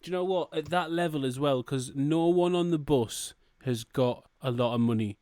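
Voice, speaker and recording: A man's voice: fairly high pitch, moderate pace, dark tone, no room sound. A young adult man co-hosting a podcast, joking and swearing in casual chat. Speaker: podcast co-host.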